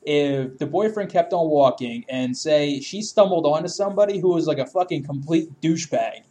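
A man's voice: fairly high pitch, normal speed, mellow. A man telling a story in casual chat, laughing often, swearing freely and acting out what people said.

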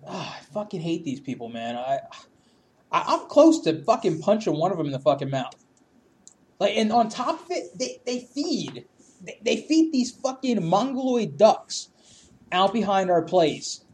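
A man in casual chat, grumbling and swearing about his neighbors, with sudden loud outbursts. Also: sits high, big pitch swings, moderate pace.

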